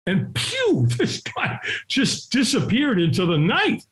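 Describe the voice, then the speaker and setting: A middle-aged man telling a story as an interview guest, acting out the voices of people in it and sometimes shouting. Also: high-pitched, wildly swooping pitch, takes it slowly. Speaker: guest, firewalking instructor. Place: his home.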